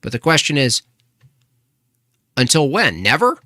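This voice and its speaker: A man's voice: medium pitch, wildly swooping pitch, a little slow, bright, forceful tone, no echo, clean studio sound. A man hosting a casual live stream, arguing with chat and asking pointed rhetorical questions. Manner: argumentative, rhetorical questions, restarts.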